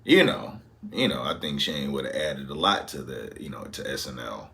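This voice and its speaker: A man's voice: rumbling low, animated, normal speed, creaky, pushed and bright. A man hosting a reaction video, musing aloud in casual commentary, trailing off with lots of fillers.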